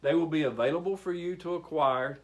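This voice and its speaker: A man leading a workshop on handling speaking anxiety, addressing a group and pausing for effect. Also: fairly high pitch. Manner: animated, addressing a group, with pauses. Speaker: training facilitator. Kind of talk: public speaking workshop presentation.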